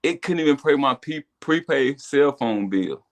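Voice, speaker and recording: Animated man telling his story. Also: unhurried. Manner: animated storytelling, repeats words, builds to excited high bursts. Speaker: podcast guest, business owner. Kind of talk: casual testimony chat.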